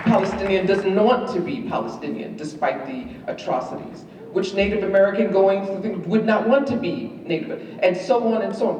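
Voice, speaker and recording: A wry New York woman with a mid-range voice is a guest speaker giving a university lecture to students in a large lecture hall. She's lively and teases the audience with questions. The recording comes from far off in the echoey hall, with faint room noise.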